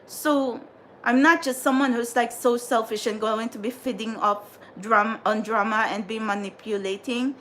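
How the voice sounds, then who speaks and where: A woman's voice: fairly high pitch, steady tone, normal speed, a bit bright, a little hiss or hum. A woman hosting a tarot livestream, ranting in an exasperated, repetitive, scolding way at her viewers. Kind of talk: frustrated livestream rant.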